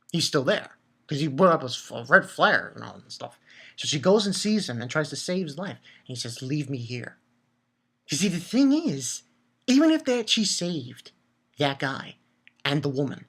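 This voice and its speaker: Male anime reviewer, casual recap, excitable, profane, stumbles and repeats words. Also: a little high, breathy edge.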